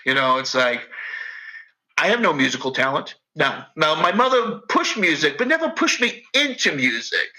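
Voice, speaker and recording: Middle-aged northeast us guy, super bright voice kinda high, rambly and swears a lot, tons of likes and you knows. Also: sing-song, moderate pace, rough recording. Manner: rambling, profane, heavy on fillers. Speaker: guest. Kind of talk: casual chat.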